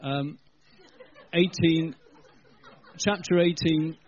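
A man's voice: a little high, fairly even intonation, very slow, a faint crowd. A man preaching a sermon at a church gathering, telling the story in a conversational way and speaking directly to the congregation. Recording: dull lo-fi recording.

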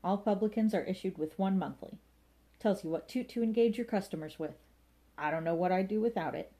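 A woman voicing a storybook pub landlord, fussy, deadpan, matter-of-fact. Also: mid-range voice, a little fast, close to an everyday voice.

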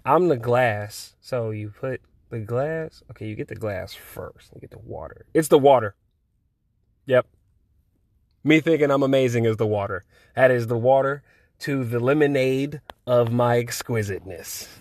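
A young man hosting a solo chat podcast while high, talking in a loose, rambling way with lots of slang and swearing. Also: normal speed, a little mellow, dry recording. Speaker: podcast host.

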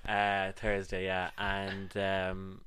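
A man co-hosting a casual podcast, telling rambling stories with frequent laughs, his voice often dropping low and quiet. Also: monotone, takes it slowly, a little hiss or hum. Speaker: podcast co-host. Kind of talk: casual chat.

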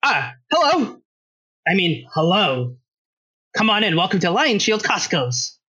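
A game master voicing a gruff, buff woman shopkeeper who hates jerks, blunt and suspicious, in a tabletop role-play. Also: on the low side, very animated, unhurried, sharp tone, exaggerated voice. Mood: gruff welcome.

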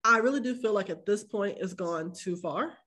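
A woman co-hosting a podcast, chatting casually with animated, slangy talk and frequent laughter. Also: medium pitch, moderate pace. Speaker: podcast co-host. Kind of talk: casual chat.

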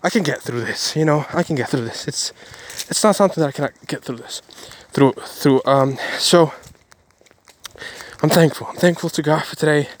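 Rambling earnest man vlogging, slightly high. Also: moderate pace. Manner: rambling, self-correcting, earnest. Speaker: Christian vlogger. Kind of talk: casual daily vlog.

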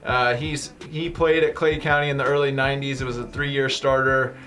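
A man's voice: medium pitch, little pitch movement, normal speed, fairly bright tone. Earnest male author on talk radio. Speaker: author guest. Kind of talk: radio interview answers.

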